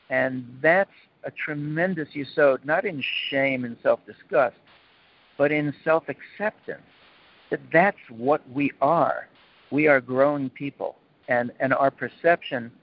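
A man's voice: mid-range voice, dry recording. A man giving an informal spiritual talk as a support mentor, rambling with fillers and acting out the people he quotes with dramatic flair. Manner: rambling with many fillers and restarts. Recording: tinny phone-like line.

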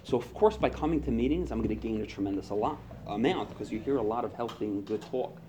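A man speaking to a recovery group, animated, acting out his own inner voice and past phone calls. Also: on the low side, quick pace, a little hiss or hum.

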